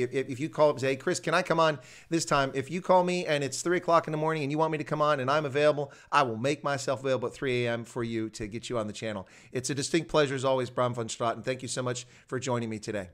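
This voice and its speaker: A man's voice: medium pitch, steady tone, quick pace, few pauses, fairly bright tone. A man hosting a casual interview show, chatty and enthusiastic, rambling as he talks. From United States. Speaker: host.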